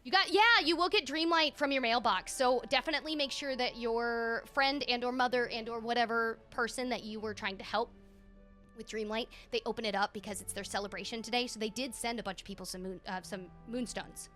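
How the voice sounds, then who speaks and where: A woman streaming a video game, chatting candidly with viewers in a casual, animated way. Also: on the high side, brisk, soft background music. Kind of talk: casual gaming livestream chat.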